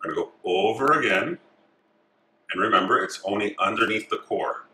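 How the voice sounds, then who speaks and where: A man calmly talking through each step of a craft tutorial as he works with his hands. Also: on the low side, moderate pace, slight background noise. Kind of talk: step-by-step instruction. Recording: echoey room.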